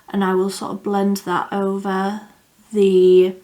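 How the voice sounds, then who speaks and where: A woman's voice: medium pitch, completely flat delivery, slow pace, warm tone. A young woman chatting through a makeup tutorial, thinking aloud and laughing at herself. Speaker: beauty vlogger. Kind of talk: casual makeup tutorial chat.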